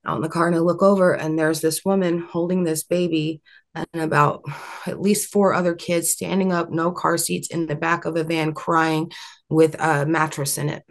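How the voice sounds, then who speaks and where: A woman's voice: deep voice, little pitch movement, moderate pace. A young adult woman as an interview guest, telling a long story in an earnest, rambling way with many fillers and restarts.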